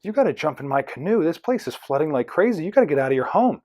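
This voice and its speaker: A man's voice: on the high side, very animated, fast talker, darkish tone. A man voicing a friendly male rescuer urging someone into his canoe. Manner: urgent, coaxing.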